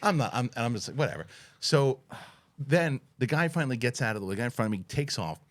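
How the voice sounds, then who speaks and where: A man telling a story in easy casual chat, his pitch swinging widely as he acts out the people in it. His voice sits mid-range, and he laughs at his own tale. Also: expressive, fast talker. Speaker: podcast co-host.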